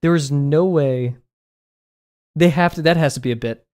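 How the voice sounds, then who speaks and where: A man's voice: a little high, normal speed, darkish tone. Giggly rambling guy. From United States. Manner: rambling, giggly, lots of filler "like". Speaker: streamer. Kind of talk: casual chat while drawing on a livestream.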